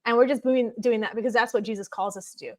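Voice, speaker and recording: Woman guest, somewhat high voice, rambling conversational storyteller with frequent fillers. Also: steady tone, rapid-fire, darkish tone. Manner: chatty, many fillers of "like".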